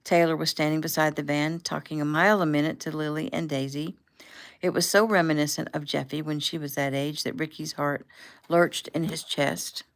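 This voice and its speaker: A woman author casually reading her own novel aloud, relaxed and unpolished, now and then correcting herself. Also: deep voice, moderate pace. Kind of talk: casual audiobook narration.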